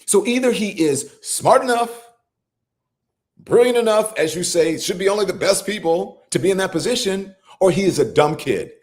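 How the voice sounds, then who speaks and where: A man's voice: high voice, animated, moderate pace, a little mellow. A middle-aged man hosting a live political commentary show, scolding and incredulous, swearing freely as he argues. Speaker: host.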